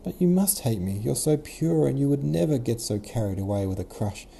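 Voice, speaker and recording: A man's voice: lowish voice, steady tone, normal speed, dark tone, slightly rough, pitched above the performer's own voice. A man voicing an emotional young woman companion who pleads for forgiveness. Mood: pleading.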